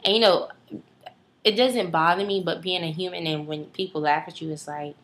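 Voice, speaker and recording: A woman's voice: fairly low pitch, fairly even intonation, moderate pace. A woman in her early twenties talking casually to her viewers in a chatty, rambling way, full of fillers and asides. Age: early 20s. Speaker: vlogger. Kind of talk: casual chat to camera.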